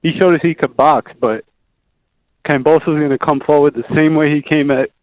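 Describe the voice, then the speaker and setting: Brief: male caller, relaxed jokey chat, slightly high voice, dry sound. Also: a little fast, no room sound, muffled recording. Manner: laid-back, joking. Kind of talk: casual chat.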